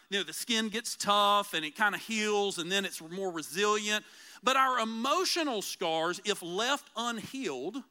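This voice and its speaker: High bright-voiced male pastor. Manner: earnest, emphatic, repeats key phrases slowly. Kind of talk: conversational sermon.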